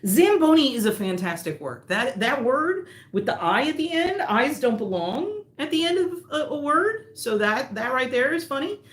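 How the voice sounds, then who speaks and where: A woman's voice: high voice, very animated, normal speed, few pauses, roomy sound. A woman who designs knitting patterns, hosting a live stream in casual chat that wanders off on tangents, laughing often.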